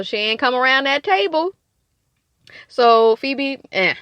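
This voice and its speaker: A woman hosting a casual podcast that recaps a reality show, blunt and profane, animated, laughing in bursts. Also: sits high, a little slow, long pauses, dry recording, dull audio.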